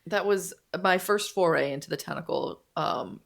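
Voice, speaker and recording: A woman's voice: on the low side, normal speed, vocal fry. A young woman co-hosting a podcast, chatting casually and giggling as she retells a story, with lots of "like". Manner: giggly, animated retelling with many "like"s. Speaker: podcast co-host. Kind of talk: casual chat.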